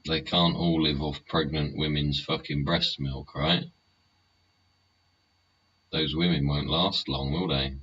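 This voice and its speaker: Very deep-voiced, sweary man. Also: steady tone, slow pace, pauses often, fairly bright tone. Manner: heavy swearing, tag questions. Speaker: host of a live solo show. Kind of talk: rambling live chat. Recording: muffled lo-fi sound, faint hiss.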